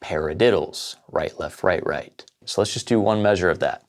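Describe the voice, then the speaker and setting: A man's voice: sits low, normal speed, few pauses, slight background noise. A man teaching a drum lesson, explaining sticking patterns step by step and counting beats aloud. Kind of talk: casual lesson.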